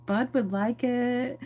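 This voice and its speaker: Woman putting on a high sweet angel voice. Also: a little mellow. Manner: sweet, coaxing.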